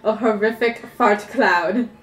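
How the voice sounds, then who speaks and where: A woman telling a comic story about her own life, animated and often laughing as she goes. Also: mid-range voice, takes it slowly, echoey room.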